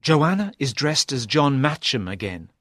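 A man's voice: mid-range voice, big pitch swings, measured pace, fairly bright tone, no room sound, studio quality, voice pushed up. A man voicing an earnest young knight in a storybook reading, his voice slightly raised. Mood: thoughtful.

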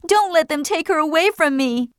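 A man doing a fierce, high-voiced young mother. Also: lively intonation, normal speed, a bit bright, no room sound, studio quality. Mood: desperate pleading. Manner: high strained voice raised in pleading. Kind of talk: audiobook narration with character voices.

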